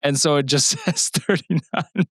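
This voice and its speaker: A man's voice: on the high side, measured pace, a bit bright, slightly rough, no room sound, studio quality. A young man co-hosting a podcast, chatting casually and laughing at himself. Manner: laughing, self-deprecating. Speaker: podcast co-host and editor. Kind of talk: casual chat.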